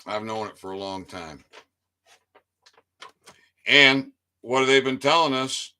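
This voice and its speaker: A man's voice: medium pitch, takes it slowly, bright, forceful tone, smooth. A man giving a rambling casual monologue to his viewers, stammering over repeated words and swearing freely. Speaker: independent online commentator.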